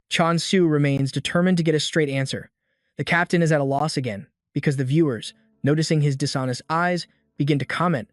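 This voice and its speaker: A man giving a steady scripted narration as the recap narrator of a comic story. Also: on the high side, brisk, no echo, faint music behind.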